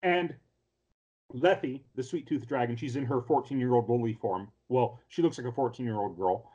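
A man in casual podcast chat, recapping anime scenes in a rambling, filler-heavy way. He slips into little acted-out lines as he tells the story, at an everyday middle pitch. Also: moderate pace, mellow, slightly rough, highs cut off. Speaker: podcast co-host.

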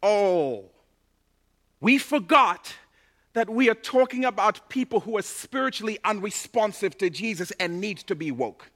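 A man preaching a sermon as pastor, impassioned and building to loud, emphatic bursts. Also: high voice, normal speed, hardly any pauses.

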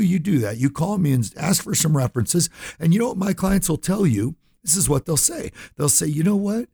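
A man hosts a talk radio show with a gravelly, husky voice and a dry studio sound. He speaks earnestly and passionately to his listeners, repeating and restarting phrases, and is close to tears. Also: a little high, mellow, no room sound. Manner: earnest, impassioned, repetitive restarts. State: choked up, near tears.

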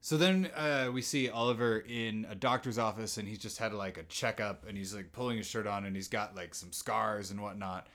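Man podcast co-host, lowish voice, bright and forceful tone, relaxed plot-recap storytelling. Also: moderate pace, hardly any pauses. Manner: relaxed storytelling, walks through plot with fillers. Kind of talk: casual TV episode recap chat.

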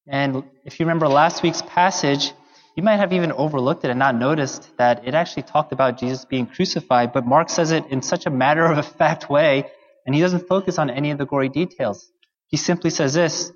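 Man preaching in an echoing hall. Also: mid-range voice. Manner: earnest, conversational preaching with fillers. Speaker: pastor. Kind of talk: sermon. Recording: dull sound in a long-echo hall.

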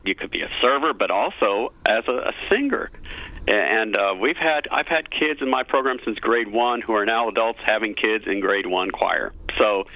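A man's voice: fairly low pitch, dry recording. A middle-aged man, a cathedral choir director, talking earnestly and enthusiastically as a guest in a radio interview over a phone line. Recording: tinny phone line, dry.

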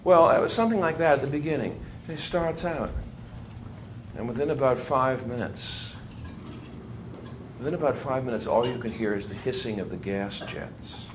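A man's voice: medium pitch, moderate pace, noisy background. A man giving a history lecture to a class, telling stories animatedly and laughing as he talks. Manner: animated storyteller, laughs while talking. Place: lecture room with students.

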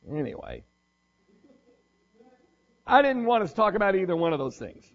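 A man's voice: sits high, very animated, brisk, lo-fi sound. A man preaching a casual, conversational sermon, joking and thinking aloud as he goes.

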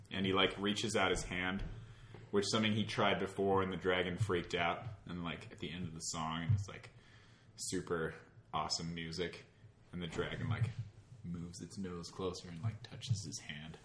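A man's voice: low-pitched, level tone, normal speed, a bit bright, reverberant, slight background noise. A man co-hosting a podcast in casual chat, rambling in an easygoing way with lots of fillers. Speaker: podcast co-host.

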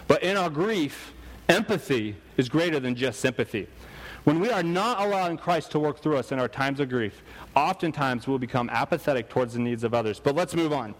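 A man's voice: a little high, in a large hall, poor audio. A man preaching a sermon, telling stories with animation and acting out the voices of people he quotes. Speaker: pastor.

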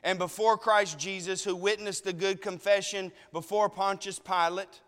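A man's voice: high-pitched, steady tone, normal speed, a bit bright, clean tone, big-room sound. A man preaching a sermon, emotional and tearful, pressing his listeners with pleading questions.

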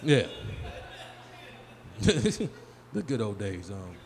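A man in his forties doing a live stand-up set, working the crowd loudly and acting out his friends in high, excited voices. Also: extremely slow. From Chicago area. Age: 40s. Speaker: stand-up comedian. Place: small live venue. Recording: live room with long reverb and faint hum.

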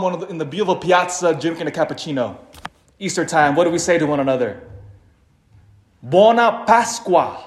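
A man giving a sermon, animated and dramatic, swinging between loud emphasis and quiet asides, with an occasional chuckle. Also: fairly high pitch, reverberant. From Philippines (family). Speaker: preacher.

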